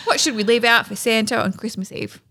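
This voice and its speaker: A woman's voice: a little high, brisk, bright, forceful tone. A woman co-hosting a podcast, swearing freely and laughing hard as she quizzes her friend. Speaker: podcast co-host. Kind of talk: casual chat, quizzing her co-host.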